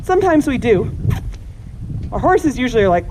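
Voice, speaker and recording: A woman's voice: medium pitch, sing-song, brisk, long pauses, a little mellow. A woman horse trainer giving a live teaching demonstration outdoors. She explains her method and coaxes the horse between her points. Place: outdoor horse pen at a camp. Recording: noisy outdoor recording.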